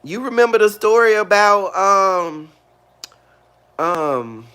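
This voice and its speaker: Animated video host, male, a bit high-pitched, talks faith in a chatty casual way. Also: slow pace, clear, resonant tone. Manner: animated, chatty, calls listeners honey and girl. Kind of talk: casual talk about faith to viewers.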